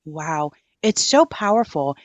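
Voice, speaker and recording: A woman's voice: low voice, big pitch swings, takes it slowly, dry recording. A woman hosting a podcast interview who talks earnestly and reads a moving story aloud. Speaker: podcast host.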